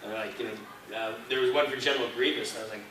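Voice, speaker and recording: Speaking fast in a bright, forceful, steady voice of medium pitch, a man tells chatty anecdotes on a convention panel. The recording, made from audience seating, sounds far away and echoey in the hall, with slight background noise.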